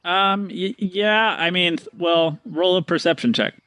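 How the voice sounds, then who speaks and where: A man narrating as game master in a tabletop game, fast and casual, with many fillers. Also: high-pitched, sharp tone, clean tone, no echo.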